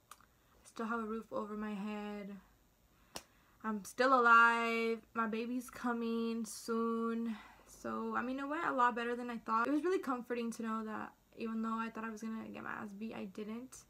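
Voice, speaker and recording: Bright, chatty teenage girl vlogging. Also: fairly high pitch. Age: teens. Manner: chatty, dramatic, acts out family dialogue. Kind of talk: casual storytelling to camera. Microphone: phone camera.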